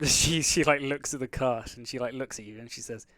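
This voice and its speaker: A man's voice: medium pitch, brisk, a bit bright, no room sound. A man narrating a tabletop game as game master, wandering through fillers and restarts. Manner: rambling, full of fillers and restarts.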